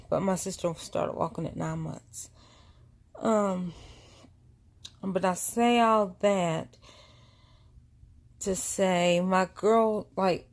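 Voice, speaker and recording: Slow, rambling woman vlogger. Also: fairly low pitch, darkish tone. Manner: rambling, with many asides. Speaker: vlogger and mother. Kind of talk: casual storytelling vlog.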